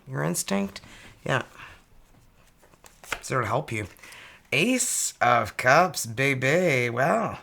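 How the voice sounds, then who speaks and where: Gravelly, bright-voiced tarot reader. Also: medium pitch. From Canada. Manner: chatty, exclaiming over cards. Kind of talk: casual tarot reading.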